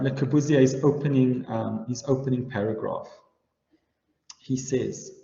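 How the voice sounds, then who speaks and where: A man with a low, gravelly voice gives a university lecture in a large hall. He explains each point patiently and keeps asking his listeners "right?". The recording is dull and lo-fi, and the hall gives it a long echo. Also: dark tone. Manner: explanatory, often checks in with "right?". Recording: echoey hall, dull lo-fi sound.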